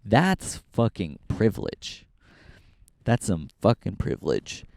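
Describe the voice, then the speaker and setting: A man's voice: lowish voice, wildly swooping pitch, takes it slowly, gravelly, darkish tone, no room sound, clean studio sound. A young man from Northern California hosting his own podcast outdoors on a hiking trail, talking in a rambling, profane, self-deprecating way into a handheld camera as he walks. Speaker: podcast host. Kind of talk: casual walk-and-talk vlog.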